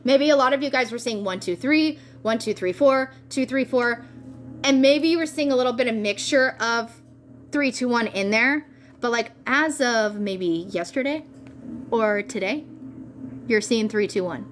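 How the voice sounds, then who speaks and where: A woman with a somewhat high voice talks through a tarot reading in a loose, chatty way. She is excitable and full of slang, and she swears freely as she goes. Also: unhurried, a little hiss or hum. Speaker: tarot reader. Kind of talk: casual spiritual reading.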